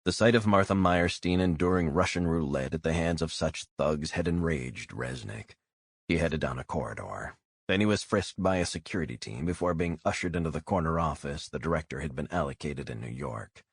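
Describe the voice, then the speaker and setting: A man giving measured, scripted narration of a thriller audiobook. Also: rumbling low, breathy edge, dry recording, clean studio sound.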